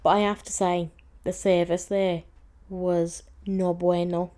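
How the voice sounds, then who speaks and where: A woman's voice: on the low side, flat delivery, slow pace, dark tone. A young woman hosting a podcast, chatting casually as she tells a story with plenty of "like"s and some exasperation. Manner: chatty and exasperated, with frequent "like" fillers. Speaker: podcast host.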